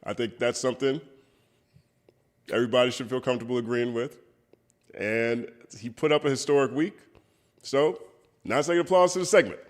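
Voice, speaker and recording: A man's voice: medium pitch, a little fast, pauses often. A man hosting a podcast, casually wrapping up segments and introducing guests. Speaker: podcast host.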